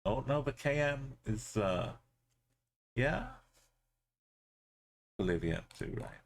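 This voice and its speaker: A man's voice: medium pitch, lively intonation, takes it slowly. A male streamer giving live commentary on a game, thinking aloud and musing with trailing fillers as he goes.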